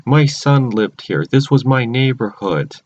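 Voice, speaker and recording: A man's voice: medium pitch, animated, a little slow, darkish tone, lo-fi sound, pitched above the performer's own voice. A man voicing an angry grieving father who is a cartoon villain, in an accusing raised voice.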